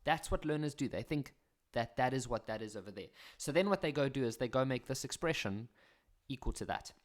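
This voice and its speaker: A man's voice: mid-range voice, animated, a little fast. A man with a South African accent teaching a maths lesson on video, chatty and fond of self-deprecating jokes.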